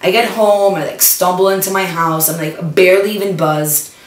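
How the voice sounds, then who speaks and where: A woman's voice: lowish voice, steady tone, moderate pace. A young woman from the Miami area telling a personal story in a casual, chatty way, full of "like". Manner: chatty, lots of "like", switches into Spanish for quotes. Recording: roomy sound, distant from the mic.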